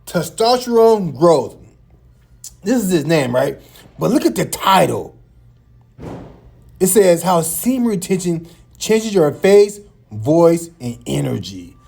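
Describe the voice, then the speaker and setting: A man with a small, high voice hosting a reaction video, teasing and laughing as he comments. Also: very animated, takes it slowly, creaky, long pauses, darkish tone, slightly rough, soft background music. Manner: high light voice.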